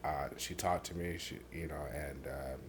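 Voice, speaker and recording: A man hosting a podcast, telling his own painful story candidly, halting with many fillers and dropping quiet on the hardest parts. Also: fairly even intonation, a little hiss or hum. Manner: softens and drops low on painful parts. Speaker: podcast host.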